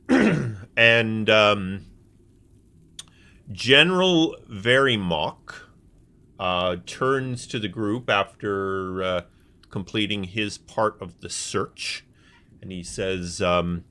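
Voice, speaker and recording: A man narrating as game master of a tabletop game, relaxed and hesitant with many fillers. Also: lowish voice, extremely slow, long pauses.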